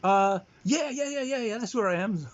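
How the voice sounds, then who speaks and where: A man's voice: normal speed, close to an everyday voice. A man voicing his bewildered elderly father on a phone call, dazed and flustered. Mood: baffled. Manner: dazed, flustered, higher and louder than own voice. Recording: dull lo-fi sound.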